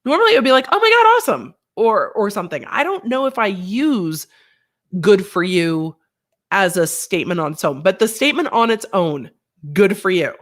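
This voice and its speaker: A woman's voice: medium pitch, moderate pace. A woman hosting a casual livestream, chatty and reading viewer comments aloud, a bit unwell with a sinus infection. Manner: chatty, animated, reads chat aloud. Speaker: livestream host.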